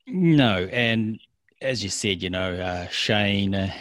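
A man with a New Zealand accent, co-hosting a show and casually recapping events step by step with frequent pauses. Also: on the low side, animated, fairly bright tone, no room sound. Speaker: co-host of a wrestling recap show. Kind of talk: casual chat.

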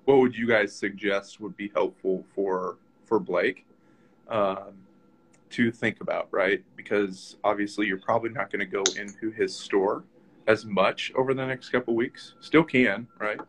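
A man's voice: fairly low pitch, steady tone, a little slow, husky, poor audio. Casual man hosting a live chat. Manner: conversational, frequent fillers and tag questions. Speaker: host.

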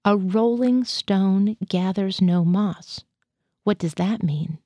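A woman's voice: medium pitch, slow pace, warm tone, dry recording. A woman reading the part of a skeptical male military psychiatrist who questions his patient in a probing, dry way. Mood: questioning.

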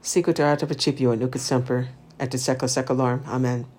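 A man reciting the Divine Office, reading psalms and lessons in a steady liturgical recitation. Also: medium pitch, quick pace. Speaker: prayer leader.

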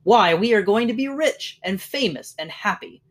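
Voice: mid-range voice, lively intonation, normal speed, pitched above the performer's own voice, natural voice. A reader voicing a playful young son who jokes and mocks. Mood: teasing. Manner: joking, mocking tone. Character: teasing young adult son, playful joker.

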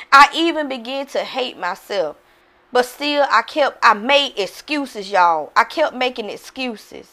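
A woman's voice: fairly high pitch, bright, forceful tone. A young adult woman and mindset coach giving a candid, emphatic motivational talk that speaks straight to her viewers. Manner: candid, emphatic, repeats "y'all" to her audience.

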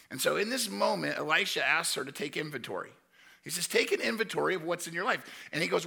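A male pastor giving a sermon, telling Bible stories with animated acted-out voices. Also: on the high side, fast talker, vocal fry, husky. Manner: animated storytelling, acting out voices of Bible figures.

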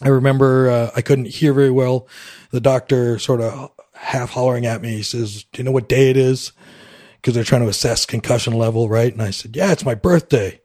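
A man's voice: mid-range voice, little pitch movement, brisk, darkish tone. A middle-aged man from Canada, a military veteran guest on a podcast, telling his story candidly with a wry edge, acting out the dialogue, with frequent fillers.

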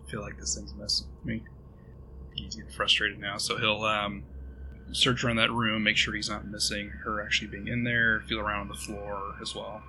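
A man playing a character in a tabletop role-playing game, speaking in a steady, matter-of-fact way. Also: fairly low pitch, moderate pace, a little hiss or hum, rough recording. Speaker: player. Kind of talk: casual tabletop role-play.

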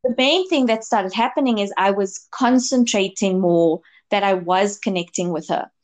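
A woman's voice: mid-range voice, normal speed. A woman co-hosting a casual chat, telling a long personal story with many fillers and restarts. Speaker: podcast co-host, medium.

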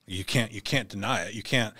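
A lowish-pitched man in his forties tells a personal story as a podcast guest. His voice is halting and often doubles back over words. The sound is close and dry, with no room echo. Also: sharp tone. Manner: halting, repeats words when emotional. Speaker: podcast guest, military veteran.

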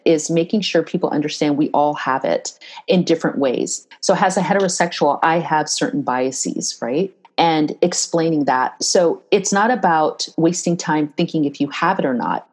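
A woman with a husky, slightly low voice speaks in a casual interview. She is earnest and direct, grows animated when telling stories, and often checks in with a quick "right?". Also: poor audio. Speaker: diversity and bias trainer, interview guest. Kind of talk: casual interview talk with storytelling.

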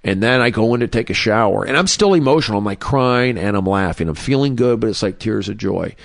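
A man's voice: on the low side, expressive, a little fast, creaky, no room sound, studio quality. A man, a comedian guest, telling a personal story in a casual, rambling way with many fillers and restarts. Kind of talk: casual storytelling in a podcast interview.

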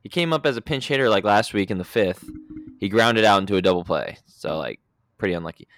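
A man co-hosting a sports podcast in a low voice with a lively, swinging pitch. He rambles through the games in a relaxed way. The sound is close and dry. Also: quick pace, no room sound. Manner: relaxed, rambling, frequent fillers. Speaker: podcast co-host. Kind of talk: casual sports podcast chat.

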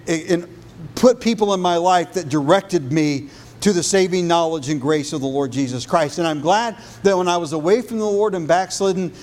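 High-voiced pastor preaching. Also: male voice. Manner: rhythmic preaching, repeating phrases, dropping low and soft for emphasis. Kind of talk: sermon.

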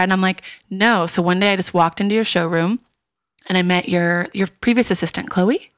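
Host: woman, lowish gravelly voice, dry close sound, upbeat chatty delivery. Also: steady tone, fast talker, no echo. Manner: upbeat, chatty, laughs often. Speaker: podcast host. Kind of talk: casual podcast chat and read ad. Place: Australia.

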